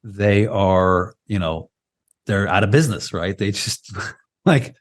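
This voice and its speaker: A man's voice: fairly low pitch, slow. A man co-hosting a podcast over a video call, explaining at length in casual chat and often checking in with "right?". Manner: animated, keeps asking "right?". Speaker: podcast co-host.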